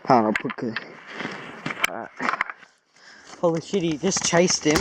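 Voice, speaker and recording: A young man outdoors at night, shouting urgent directions to a friend, picked up by a camera a few metres off. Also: a little high, lively intonation, measured pace. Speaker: companion filming. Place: outdoors at night near a beach. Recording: noisy outdoor night recording.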